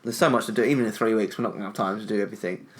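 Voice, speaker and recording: A man's voice: fairly low pitch, steady tone, racing. A man with a British accent, co-hosting a podcast in casual chat, jokey and prone to restarting his phrases. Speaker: podcast co-host.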